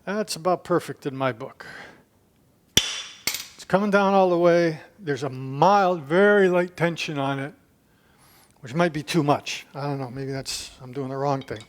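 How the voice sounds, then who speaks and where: Background noise sits under a man's fairly high voice as he unhurriedly demonstrates a repair in his home gym. A DIY video maker, he keeps up a chatty running commentary, often talking to himself.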